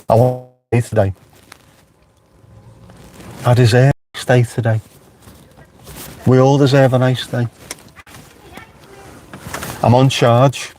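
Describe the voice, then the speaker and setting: A man's voice: medium pitch, steady tone, unhurried, long pauses, darkish tone. A man with a Liverpool accent, chatting casually on a live stream from inside his car with wry asides to viewers. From Merseyside, England. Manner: chatty, wry, talks back to live chat.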